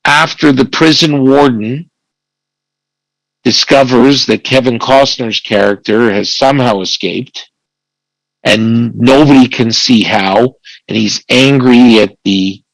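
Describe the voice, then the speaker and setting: A man's voice: medium pitch, gravelly, dry recording, rough recording. A man, an attorney, giving an online slide presentation who acts out quoted dialogue and corrects himself mid-sentence. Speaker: family law attorney presenting.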